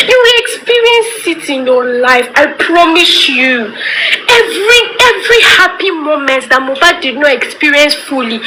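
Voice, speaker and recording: A woman's voice: high-pitched, bright, forceful tone, slight background noise, poor audio. A young Nigerian woman with a Nigerian accent ranting passionately in an emotional vlog, moving between laughter and near tears and dropping pidgin phrases. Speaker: social media commentator.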